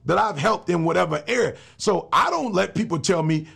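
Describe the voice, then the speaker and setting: Gravelly, high-pitched man preaching emphatically. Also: a little fast. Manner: emphatic, preacherly, slangy, animated storytelling. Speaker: motivational speaker and pastor, guest. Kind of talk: casual interview talk.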